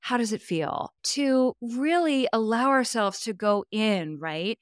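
A woman from California, a voice coach talking in a podcast interview, expressive and emphatic, often adding "right?" asides. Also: medium pitch, smooth, dry recording, clean studio sound.

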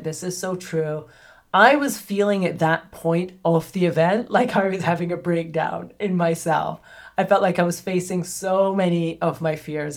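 A woman hosting a podcast, telling a personal story in a candid, chatty way with plenty of asides. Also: fairly low pitch. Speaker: podcast host.

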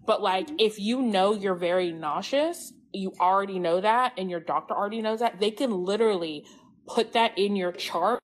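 A woman's voice: mid-range voice, normal speed. A young mother joining a casual chat over her phone, earnest and chatty as she explains from experience. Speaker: guest mother. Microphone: phone on a call.

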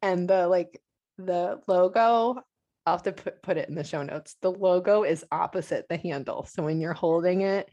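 A woman's voice: fairly low pitch, normal speed, warm tone. A woman co-hosting a podcast as a homeschooling parent, telling a rambling story in casual chat with lots of filler words. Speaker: podcast co-host.

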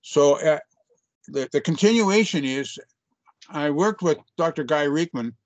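A fairly high, animated voice belongs to an older chiropractor guest, who speaks a little slowly as he reflectively and earnestly tells a story in an interview, often beginning his sentences again. The recording is dry.

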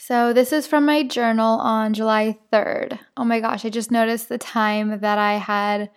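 Tearful, higher-voiced pregnant woman sharing news. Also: steady tone, measured pace, smooth. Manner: emotional, often tearful, laughing through tears. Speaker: podcast host. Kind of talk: personal podcast chat, reading her journal aloud.

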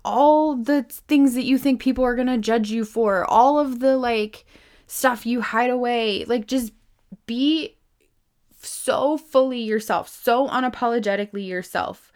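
A woman around thirty hosting a podcast, talking casually in a self-help monologue, full of "like" and free swearing, with emphatic jumps in pitch and loudness. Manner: chatty, lots of "like", swears freely, emphatic swings in pitch and loudness. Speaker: podcast host.

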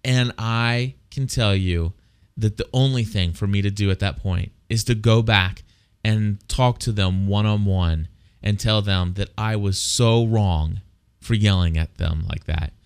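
Earnest man with a smooth low voice. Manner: earnest, confessional storytelling. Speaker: co-host, parent. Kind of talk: casual faith-based parenting talk.

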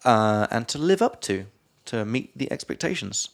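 A young man with an English accent talks loosely and playfully as he runs through vocabulary on a casual podcast. His voice sits at an ordinary middle pitch, and he sounds relaxed, often laughing or lapsing into silly voices. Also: moderate pace, creaky. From England. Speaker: podcast co-host, English teacher. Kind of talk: casual chat, explaining vocabulary.

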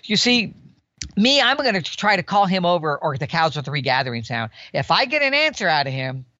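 A man in his sixties, a guest on a podcast, telling an animated story about the outdoors, sometimes imitating animal calls. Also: fairly high pitch, brisk, no echo, muffled recording. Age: 60s. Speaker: guest elk hunter.

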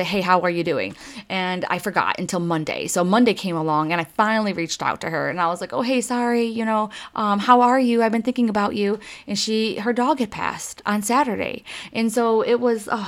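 A woman, hosting a casual spiritual card reading and talking straight to her listeners in a chatty, emphatic way. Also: medium pitch. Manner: chatty and emphatic, swears mildly, addresses listeners directly. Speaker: spiritual card reader, podcast host.

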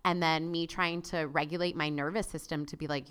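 A young adult woman hosting a casual solo podcast, telling a personal story in a chatty, animated way with frequent asides. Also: low voice, a little fast, hardly any pauses, smooth. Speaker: podcast host.

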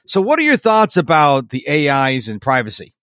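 A man's voice: fairly high pitch, wildly swooping pitch, normal speed, fairly bright tone, no room sound, studio quality. A man co-hosting a casual tech podcast, chatty and playful as he jumps between topics. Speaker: podcast co-host.

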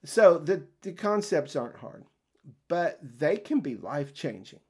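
An older man talks casually to his podcast audience, telling a personal story. His pitch rises and falls a lot, and he acts out the back-and-forth of conversations. He chuckles now and then as he goes. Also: unhurried, husky. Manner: animated storytelling, acts out quoted exchanges, chuckles often. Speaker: podcast host and career coach.

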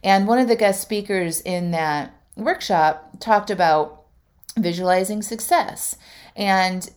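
A woman's voice: mid-range voice, slow, a little mellow. A woman life coach telling a personal story in a casual, heartfelt monologue, talking straight to her listeners with plenty of fillers. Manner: chatty, heartfelt, many "like" fillers; addresses listeners directly.

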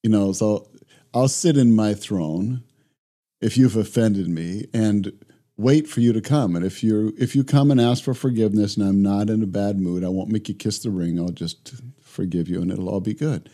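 A middle-aged man, a guest in a remote interview, telling stories in a lively conversational way and acting out both sides of his conversations. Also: fairly low pitch, moderate pace. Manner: animated storyteller who acts out both sides of conversations. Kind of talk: reflective conversational storytelling.

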